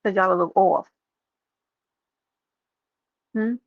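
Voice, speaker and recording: Woman streamer, mid pitch, lively and direct, on a dry, slightly muffled home mic. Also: drawn-out words, no room sound. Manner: animated, talks straight to chat, calls out viewers by name. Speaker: live streamer. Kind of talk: casual opinion livestream.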